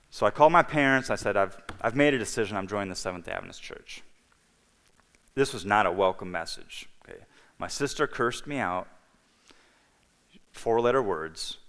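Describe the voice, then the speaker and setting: A man with a low voice gives a personal testimony at a church event. He tells it like a storyteller, acting out the other voices and checking in with the congregation. His words ring out with the long reverb of a church hall on a livestream. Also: a bit bright, clean tone. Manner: storytelling, acting out dialogue, frequent "okay?" and "you know". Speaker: guest speaker.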